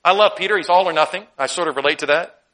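A man's voice: fairly high pitch, fast talker. A man preaching a sermon, reading scripture and joking with laughing asides. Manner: humorous, animated, laughing asides. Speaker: pastor.

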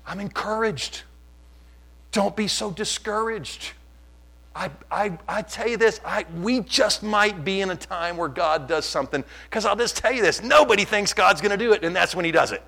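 A man preaching a sermon, impassioned and swinging from quiet to loud. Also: high voice, moderate pace, creaky, low-quality recording. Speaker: pastor.

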